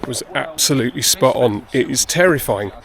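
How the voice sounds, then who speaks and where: A man's voice: mid-range voice, lively intonation, moderate pace, gravelly. A man chatting casually and self-deprecatingly while hiking up a busy mountain path, slightly out of breath, filming on a handheld phone held close. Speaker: hiker vlogger. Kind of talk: casual vlog chat. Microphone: handheld phone camera held close.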